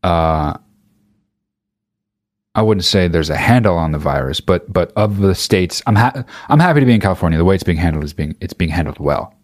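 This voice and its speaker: A man's voice: deep voice, lively intonation, a little fast, no room sound, studio quality. A man delivering an exasperated, profane comedic rant, swearing constantly and speeding up as he gets angrier.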